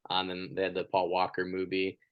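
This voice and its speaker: A man hosting a podcast interview, chatting casually and telling stories with lively energy. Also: sits low, a little fast, clear, resonant tone, narrow, tinny audio. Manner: animated, energetic storytelling. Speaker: podcast host.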